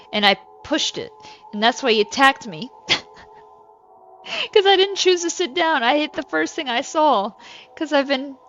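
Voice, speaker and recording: A woman's voice: high-pitched, fairly bright tone, dull audio. A woman playing a story game and chatting casually in self-mocking asides. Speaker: gamer streaming a story game. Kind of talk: casual commentary.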